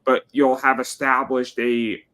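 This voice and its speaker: A man in relaxed conversation with a middle-pitched voice. He walks through his reasoning step by step and agrees easily with the other speaker. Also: unhurried. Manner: analytical, laid-back, agreeable. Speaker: podcast co-host. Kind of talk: casual wrestling chat.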